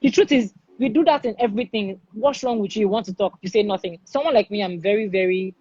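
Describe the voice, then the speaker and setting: A woman's voice: medium pitch, fast talker, mellow, breathy edge, dry recording, lo-fi sound. A woman with a Nigerian accent hosting a podcast, speaking forthrightly and with emphasis. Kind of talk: candid podcast discussion.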